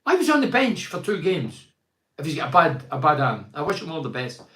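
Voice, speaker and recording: Emphatic football pundit in an echoey room. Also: male voice, fairly high pitch, big pitch swings, fairly quick, a bit bright. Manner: emphatic and rhetorical, piles up repeated phrases. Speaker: football podcast host. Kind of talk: opinionated football chat, reading out listener comments.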